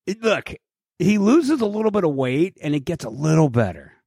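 A middle-aged man co-hosting a podcast, telling a profane story in a casual, animated way and acting out what people said. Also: on the high side, normal speed, gravelly, husky, no echo, clean studio sound. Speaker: podcast co-host.

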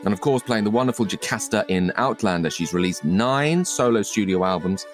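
A man's voice: lowish voice, expressive, fairly quick, soft background music. A man co-hosting a comic podcast, making playful, mock-grand introductions. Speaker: podcast co-host.

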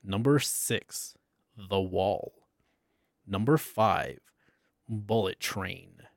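A man's voice: sits low, drawn-out words, vocal fry, dry recording, clean studio sound. A young man co-hosting a casual podcast chat, rambling and laughing often. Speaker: podcast co-host.

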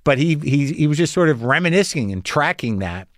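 A man's voice: fairly high pitch, lively intonation, fairly quick, dry recording, clean studio sound. A man telling a rambling, anxious story in a casual monologue, swearing and restarting often, as a podcast host.

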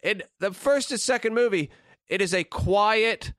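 Man, fairly high voice, blunt and sweary podcast co-host, dry close mic. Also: measured pace, a bit bright, dry recording. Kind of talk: casual chat.

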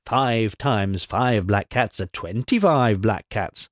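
A man's voice: lowish voice, no echo, studio quality. A man voicing a cranky old wise woman in a storybook reading, piping and snappish. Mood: gloating. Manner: piping, snappish, slow and deliberate.

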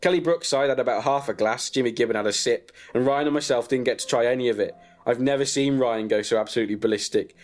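A man narrating a comic story in a deadpan way, chuckling at his own jokes. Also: medium pitch, quick pace, hardly any pauses, soft background music. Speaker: comedian storyteller.

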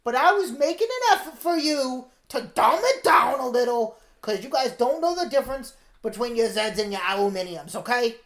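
A woman's voice: on the high side, big pitch swings, normal speed, few pauses, reverberant, pitched above the performer's own voice. A woman playing a crotchety two-hundred-year-old orphan of the rocks in a put-on English accent, scolding and condescending. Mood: cranky scolding.

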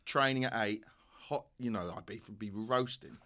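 A man's voice: medium pitch, normal speed, sharp tone. A man telling a funny story in casual chat, giggling as he goes.

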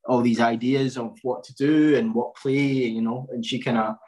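A man's voice: medium pitch, steady tone, moderate pace, a little mellow, low-quality recording. A young man in his twenties, a podcast guest chatting casually, with many fillers and restarts. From Scotland. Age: 20s. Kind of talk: casual chat.

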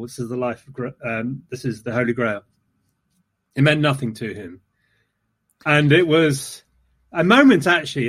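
A man hosting a relaxed conversation. He rambles through anecdotes with self-deprecating asides, and his pitch leaps up and drops back often. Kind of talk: casual conversation.

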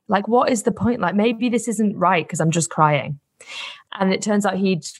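A young woman guest telling a personal story in casual chat, animated, laughing often and filling with "like". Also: fairly low pitch. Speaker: guest, campaigner.

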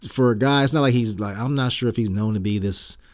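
A man co-hosting a podcast, chatting casually with lots of fillers and restarts, and joking around with his co-host. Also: mid-range voice. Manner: halting, many fillers and restarts; teasing, jokey banter. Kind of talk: casual chat.

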